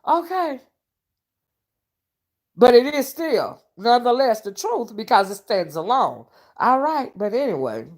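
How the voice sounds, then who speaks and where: A woman's voice: fairly high pitch, sing-song, a little slow, pauses often. A woman vlogger chatting casually to her viewers, calling them honey and y'all and often asking if they see what she's saying. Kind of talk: casual live-stream commentary.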